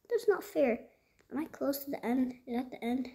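A woman giving casual gameplay commentary, excitable and easily frustrated, swinging between loud outbursts and whispers. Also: high-pitched, a little fast. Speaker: gaming video creator.

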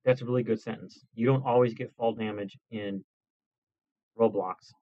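A man's voice: fairly low pitch, steady tone, moderate pace, muffled recording. A man hosting a home mic-test video, talking loosely and joking as he explains each step at his desk. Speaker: host testing microphones. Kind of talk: casual chat. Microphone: lavalier mic.

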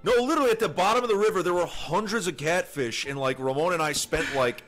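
A man's voice: a little high, fast talker, a bit bright, soft background music. A man chatting casually while playing a game with a friend, playful and teasing. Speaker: fellow player. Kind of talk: casual chat while gaming.

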